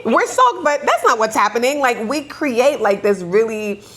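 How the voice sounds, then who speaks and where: A woman co-hosting a podcast, a mother of two young daughters, telling parenting stories in a casual, animated way with lots of "like". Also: a little high, moderate pace. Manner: animated storyteller, heavy use of "like". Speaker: podcast co-host.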